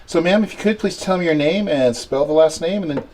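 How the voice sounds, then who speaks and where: A news reporter outdoors at a street scene, asking an eyewitness questions quickly and politely. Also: mid-range voice, darkish tone, a little hiss or hum.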